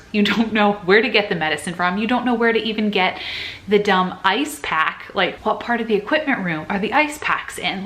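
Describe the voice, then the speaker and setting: A woman's voice: mid-range voice, fairly bright tone. A young woman, a nurse, talking casually and earnestly to camera, acting out her own past worries as she goes. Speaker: nurse sharing advice. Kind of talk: casual vlog chat.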